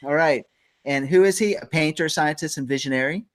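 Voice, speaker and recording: A man's voice: fairly high pitch, fairly quick. A middle-aged man hosting a casual morning show, rambling and joking, often laughing. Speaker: host.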